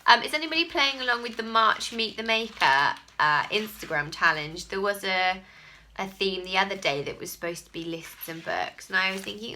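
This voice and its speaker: A woman's voice: medium pitch, moderate pace, sharp tone, a little hiss or hum. A woman hosting a crafting podcast at home, talking casually and laughing at herself now and then. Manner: chatty and self-deprecating, laughs at herself often. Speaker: podcast host. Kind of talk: casual chat.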